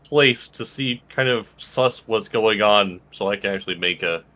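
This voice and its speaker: Brief: hesitant male player, halting speech with many pauses. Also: on the low side, sharp tone. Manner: hesitant, full of ums and uhs. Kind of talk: tabletop game play.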